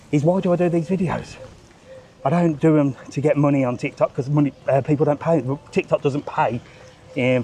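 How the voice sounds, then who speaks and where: Vlogger, blunt sweary rants, slightly high voice, phone held outdoors, faint hiss. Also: male voice, darkish tone. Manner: blunt, sweary, joking, ranty. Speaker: vlogger and tour seller. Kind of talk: live-streamed walking rant. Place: outdoor seafront street.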